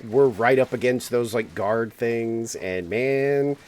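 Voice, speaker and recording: A man streams a game and chats casually, rambling through stories, laughing often, and acting out quotes. His voice is medium-pitched and slow, with a darkish tone.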